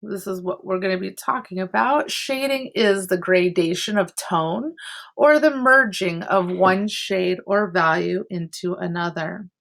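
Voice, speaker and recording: A woman's voice: mid-range voice, measured pace, gravelly. A woman art teacher teaching an online class from home over a computer mic, explaining step by step with chatty asides. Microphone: computer mic on a video call.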